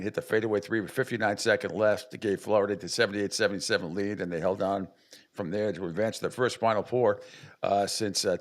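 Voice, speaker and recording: A man hosting sports talk radio, recapping a game conversationally with fillers. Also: fairly low pitch.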